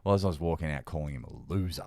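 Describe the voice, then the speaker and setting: A man co-hosting a podcast, telling an animated story and acting out the people in it. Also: a bass voice, rapid-fire, creaky, dry recording, clean studio sound. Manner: animated storyteller, acts out quoted voices. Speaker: podcast co-host. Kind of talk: casual chat, storytelling.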